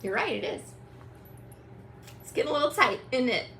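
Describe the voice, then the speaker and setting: A young woman, a tarot reader hosting a livestream, rants at viewers angrily and mockingly, swearing and calling people out directly. Her high voice is expressive and fairly bright at normal speed, on a rough recording with slight background noise.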